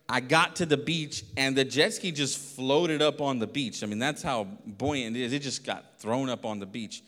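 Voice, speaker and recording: Animated man preaching in a reverberant hall. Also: medium pitch, normal speed, few pauses. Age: adult. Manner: animated, acts out voices, laughs often. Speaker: pastor. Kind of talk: storytelling sermon.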